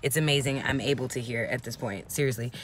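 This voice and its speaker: A woman vlogger telling a casual story in a conversational, animated way, swearing freely. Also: very deep voice, fast.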